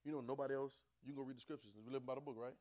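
Dialect-speaking preacher swinging from soft to loud. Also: male voice, medium pitch, level tone, rapid-fire. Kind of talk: sermon.

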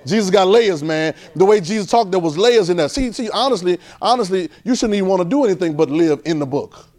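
Male preacher with a high voice, casual and animated delivery, repeats himself for emphasis. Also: quick pace. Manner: animated, repeats phrases, swings between loud and soft. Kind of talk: informal conversational sermon.

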